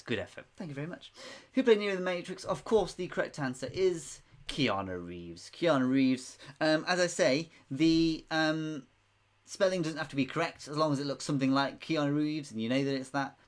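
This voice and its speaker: A man hosting a casual live quiz stream, chatty and rambling, often laughing. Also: on the high side. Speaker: quiz host.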